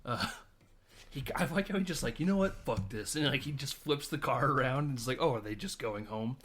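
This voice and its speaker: A man's voice: medium pitch, a little fast, slightly rough. Male podcast host, casual film recap, keeps slipping into voices for the characters. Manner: animated, acts out character lines in mimicking voices; laughs often, lots of "like" and "uh".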